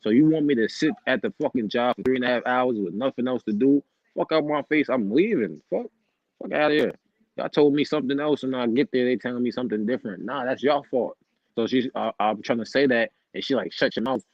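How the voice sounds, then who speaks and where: In a dull, lo-fi recording with no room sound, a young man with a mid-range voice speaks at a quick pace. He tells a profane story about his boss, animatedly acting out the heated exchange and quoting outbursts.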